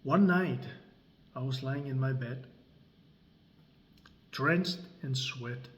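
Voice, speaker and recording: A man, telling a personal story slowly and deliberately, with long pauses between phrases. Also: mid-range voice, muffled recording. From Denmark. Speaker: creator and coach. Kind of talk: slow dramatic storytelling.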